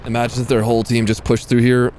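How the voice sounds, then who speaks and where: A male streamer talks through a live match in a relaxed, chatty way, answering his chat as he plays. His voice sits at an ordinary middle pitch, and faint gunfire and engine noise run underneath. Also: fast. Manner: casual, chatty, answers chat while playing. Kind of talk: live gameplay commentary.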